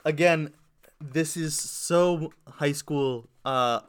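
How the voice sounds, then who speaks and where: Higher-pitched young man, sarcastic podcast chat. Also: very slow, smooth. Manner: laughs often, sarcastic, trails off in fillers. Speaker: podcast co-host. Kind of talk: casual comedic chat.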